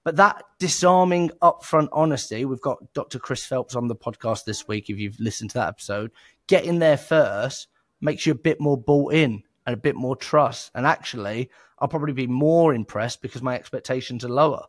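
A man's voice: mid-range voice, normal speed, no room sound, clean studio sound. A man co-hosting a podcast, talking casually, laughing often and acting out quoted voices. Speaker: podcast co-host. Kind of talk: casual sales podcast chat.

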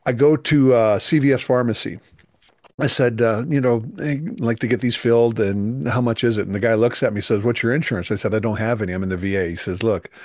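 A man's voice: fairly low pitch, a little mellow, dry recording, studio quality. A middle-aged man, a youth minister, telling an emotional personal testimony in an earnest, emphatic way. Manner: earnest, emphatic, voice rising with feeling.

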